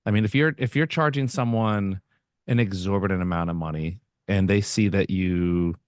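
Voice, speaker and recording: A man hosting a photography session, reading out audience questions in a relaxed, jokey way. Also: low voice, moderate pace, no room sound, clean studio sound. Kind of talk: casual moderation.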